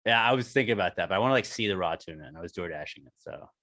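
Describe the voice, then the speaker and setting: Bright-voiced man joking on a podcast. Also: deep voice, racing, no room sound. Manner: joking, animated storyteller. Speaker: podcast co-host. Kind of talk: casual chat.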